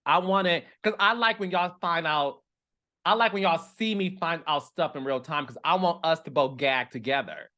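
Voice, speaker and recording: A man hosting a reality TV commentary show, talking in an animated, chatty way with dramatic asides. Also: a little high, normal speed. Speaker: reality TV commentator and podcast host. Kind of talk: casual chat.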